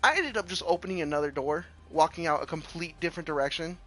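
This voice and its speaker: A man streamer telling a story casually, animated and laughing, with lots of restarts. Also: a little high, quick pace, faint music behind.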